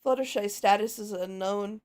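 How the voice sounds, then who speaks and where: A woman's voice: mid-range voice, moderate pace, a little mellow, lightly acted. A woman voicing Twilight Sparkle, an anxious, studious mare pony, narrating worried diary-like entries while role-playing a game.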